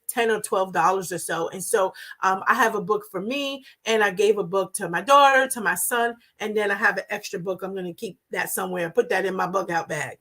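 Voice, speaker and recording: An older woman with a New York accent, hosting a live-stream talk in a fast, chatty and enthusiastic way. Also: mid-range voice, a bit bright. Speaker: host.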